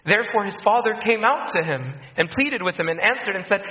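Speaking a little fast with hardly any pauses, a high-voiced man delivers an animated, earnest sermon, taking on the voices of the characters in his stories and returning again and again to key phrases. The audio is dull and lo-fi, with room echo.

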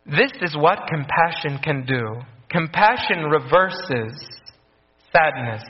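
Earnest preacher man, fairly high voice. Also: expressive, slow. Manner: earnest, repeats phrases for emphasis. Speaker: priest. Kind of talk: sermon. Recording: dull lo-fi recording.

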